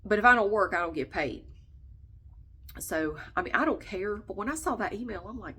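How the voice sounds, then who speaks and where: A woman with a stuffed-up, nasal voice talks casually to her viewers, a little low in pitch. She vents bluntly and swears without a second thought, pausing now and then because she is short of breath. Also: a bit bright. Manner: blunt, venting, swears freely. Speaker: vlogger. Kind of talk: casual chat to camera.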